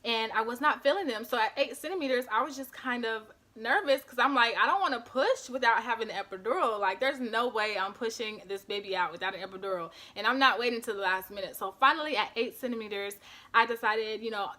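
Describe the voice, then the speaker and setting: A young beauty vlogger tells her camera a personal story, emotional and often near tears, with lots of fillers. Her voice is on the high side, pushed and bright, and she talks fast.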